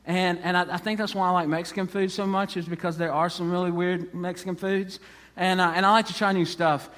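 A man's voice: sits high, fairly bright tone, in a large hall. A man preaching a conversational sermon, restarting often and acting out the people in the story. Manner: conversational, restarts often, acts out quoted speech. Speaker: pastor.

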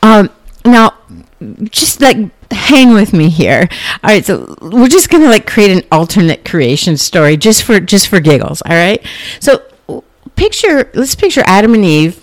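A woman's voice: mid-range voice, very animated, a little slow, dry recording. A middle-aged woman hosting a podcast, telling a personal story in an earnest, chatty way full of fillers and restarts. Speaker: podcast host.

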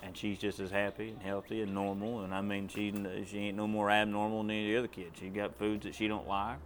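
Speaking a little fast with little pitch movement, a preacher with a lowish voice tells his sermon testimony over slight hiss or hum. The story comes out plain and drawling, then swells into loud commands.

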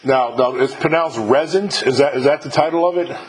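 Middle-aged male host, relaxed and profane, faint noise behind. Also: medium pitch, quick pace, poor audio. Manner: loose and profane, many fillers and restarts. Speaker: podcast host interviewing a musician. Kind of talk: casual chat.

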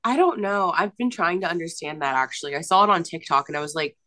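A woman's voice: lowish voice, fast talker, pushed and bright. A young woman co-hosting a podcast, chatting frankly and casually, swearing freely and laughing often. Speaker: podcast co-host. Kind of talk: casual chat. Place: apartment.

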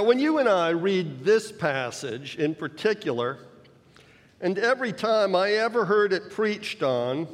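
A man preaching a sermon, explaining scripture in a measured way with rhetorical emphasis. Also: sits high. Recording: long reverb of a large hall.

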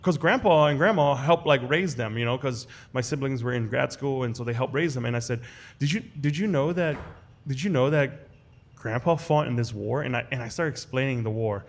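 A man telling a personal story in a casual way to a live audience at a restaurant event, slipping into the voices of the people he quotes. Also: brisk. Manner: animated, acts out quoted voices with big jumps in pitch. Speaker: guest storyteller on a live podcast show.

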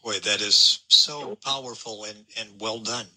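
An earnest male host interviews his guest. His voice is very bright and slightly husky. He circles back and repeats himself as he talks. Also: fairly low pitch, fairly even intonation, a little slow, poor audio. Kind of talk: interview hosting.

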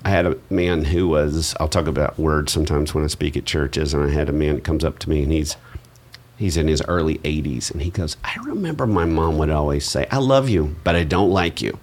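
A man's voice: very deep voice, fairly quick. A middle-aged man hosting a podcast, chatting casually and joking at his own expense. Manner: relaxed, self-deprecating, chatty. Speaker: podcast host.

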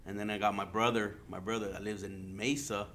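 A man from Arizona hosts his own podcast, talking casually and solo in a loose, rambling way that is heavily profane and full of jokes at his own expense, with Spanish slang mixed in. His voice is on the low side, a bit bright, flat and fairly quick, with a little hiss or hum in the recording.

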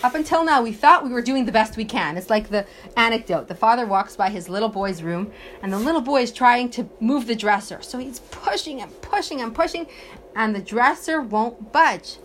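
A woman's voice: a little high, expressive, moderate pace, a little hiss or hum. A woman teaching a religious text lesson, earnestly explaining it phrase by phrase. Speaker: Torah teacher.

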